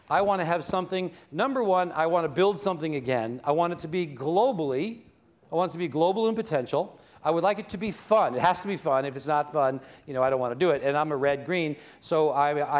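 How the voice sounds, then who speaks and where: A man telling a personal story to an audience in a conversational way, often checking that they follow. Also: a little high. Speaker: speaker at a business event. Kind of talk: motivational storytelling talk.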